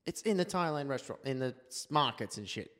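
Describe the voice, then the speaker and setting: A man's voice: mid-range voice, animated, fast talker, fairly bright tone. A man, making dry wisecracks in a casual podcast chat. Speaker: podcast co-host. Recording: reverberant room.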